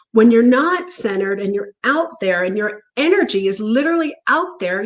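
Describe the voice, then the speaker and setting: A woman's voice: mid-range voice, low-quality recording. A woman talking to her viewers from home, earnest and encouraging, with a laugh now and then. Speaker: spiritual coach. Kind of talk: casual talk to viewers.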